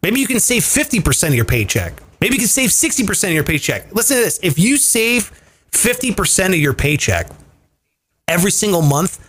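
Animated, profane male show host. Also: high voice, a little fast, breathy edge. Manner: animated, profane, emphatic explaining. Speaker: podcast host. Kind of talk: casual chat show.

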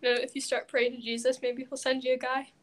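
A woman's voice: high voice, little pitch movement, brisk. A woman co-hosting a casual chat, teasing and playful. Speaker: co-host.

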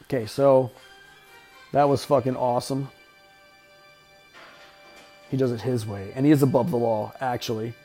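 A man's voice: mid-range voice, fairly even intonation, normal speed, long pauses, mellow, husky, soft background music. A man hosting a podcast, giving casual, wisecracking, profanity-laden commentary while watching a movie. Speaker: podcast host. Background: faint film soundtrack.

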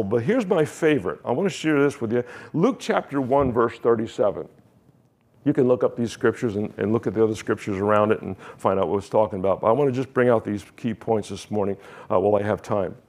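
A man's voice: lowish voice, a little mellow. A man, a pastor, preaching a sermon with emphatic, repeated phrases and rising questions.

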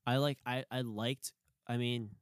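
A young man, a college student, chatting casually and ranting in an animated way that gets sharp when he is worked up. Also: mid-range voice, measured pace, clear, resonant tone, no echo, clean studio sound. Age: young adult. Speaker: pre-med college student. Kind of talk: casual chat.

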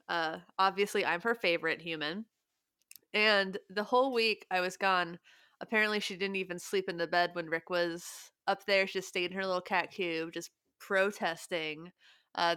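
Bright-voiced woman podcast host. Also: on the low side, clear, resonant tone, dry recording, clean studio sound. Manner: laughing, chatty, quick asides. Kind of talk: casual chat.

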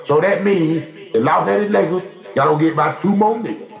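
Man, slightly high voice, animated sports rant, echoey room. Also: fairly quick, vocal fry, soft background music. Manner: animated, repetitive, mock-quoting others in a raised voice. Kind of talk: casual sports banter.

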